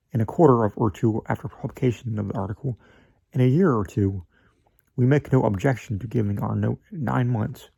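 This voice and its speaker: A man's voice: medium pitch, vocal fry, dark tone, husky, no room sound, full character voice. A man voicing a fawning, evasive male magazine editor who hedges, stalls and sometimes slips into a whisper. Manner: wheedling, hesitant, drops to a whisper. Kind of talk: dramatic reading of a classic story.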